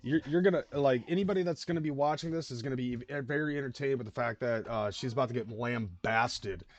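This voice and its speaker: A man's voice: medium pitch, fast. A man hosting a livestream, rambling in casual reaction commentary, with lots of swearing and fillers. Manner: rambling, profane, many fillers. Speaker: livestream host.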